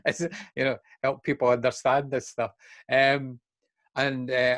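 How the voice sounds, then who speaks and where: A man's voice: medium pitch, fairly even intonation, takes it slowly, fairly bright tone, no echo. An older Scottish man telling his own story in a frank, unguarded way. He slips into the voices of the people he remembers as he goes. The recording is dry and close. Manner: frank, acts out remembered dialogue. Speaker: guest speaker in recovery. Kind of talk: candid personal storytelling.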